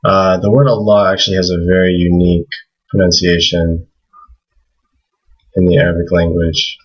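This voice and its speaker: A man giving a casual language lesson, thinking aloud and slowly repeating words to model their pronunciation. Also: low voice, level tone, breathy edge, muffled recording. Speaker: language teacher.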